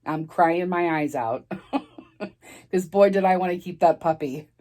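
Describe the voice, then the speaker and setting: A woman's voice: lowish voice, takes it slowly, dark tone. A woman telling a personal story in a casual storytime vlog, rambling with many fillers and restarts and laughing as she talks.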